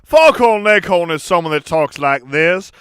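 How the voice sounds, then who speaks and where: High bright-voiced dude playing a game, chill and amused. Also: male voice, expressive, moderate pace, smooth, no echo. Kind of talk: casual chat while gaming.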